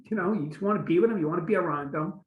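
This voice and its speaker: A man's voice: high voice, rapid-fire, reverberant, phone-quality sound. A man with a Scottish accent, a guest author talking casually and animatedly, acting out little quotes as he goes. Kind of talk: casual conversation.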